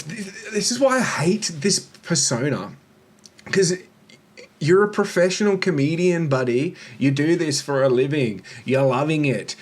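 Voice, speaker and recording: A man hosting a reaction video, giving sarcastic, profane, blunt commentary. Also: fairly high pitch.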